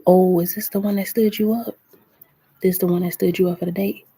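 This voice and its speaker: A woman tarot reader chatting casually on a late-night live stream, talking low and soft and greeting viewers by name in a laid-back way. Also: little pitch movement, a little fast, breathy edge, dry recording.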